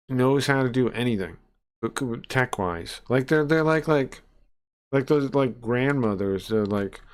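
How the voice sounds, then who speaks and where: A brash young man rants in casual reaction commentary, mocking and profane. His voice sits at an ordinary middle pitch, and he keeps stumbling into restarts and fillers as he talks. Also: clear, resonant tone. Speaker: streamer.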